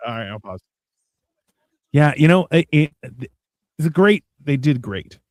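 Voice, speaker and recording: A man's voice: fairly high pitch, animated, unhurried, dry recording, clean studio sound. A man co-hosting a live movie watch-along, chatting casually, joking and swearing as he comments on the scenes. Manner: joking, swearing, acts out characters.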